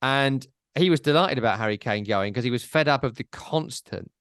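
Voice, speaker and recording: A man co-hosting a casual football podcast, animated and jokey, often mimicking commentators. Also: mid-range voice, fairly quick, clear, resonant tone, no echo, studio quality. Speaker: podcast co-host.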